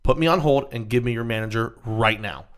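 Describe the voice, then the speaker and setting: A man co-hosting a podcast, chatting casually and profanely, acting out phone calls with loud bursts. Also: mid-range voice, a little fast. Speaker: podcast co-host. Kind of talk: casual chat.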